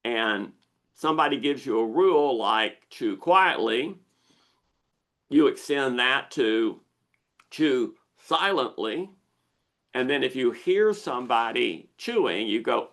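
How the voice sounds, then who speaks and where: A man's voice: medium pitch, expressive, unhurried, a bit bright. A man, a therapist hosting a Q&A, explaining in plain talk and often repeating phrases for emphasis. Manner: repeats phrases, acts out quotes.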